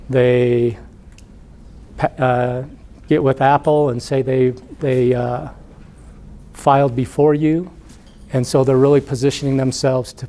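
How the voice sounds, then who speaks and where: Middle-aged man, guest speaker, animated storytelling, mid-pitched voice. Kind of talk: storytelling talk to students.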